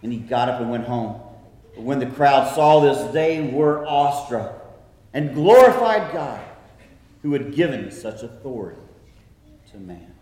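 A man preaching a sermon in a slow, earnest way, dropping to a soft hush when he quotes scripture. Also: medium pitch, animated. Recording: echoey hall, from a distance.

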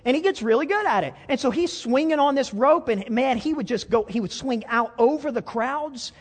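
A man's voice: very high voice, animated, moderate pace, in a large hall. A man preaching a sermon as a pastor, telling a story in a folksy way with frequent stammered restarts.

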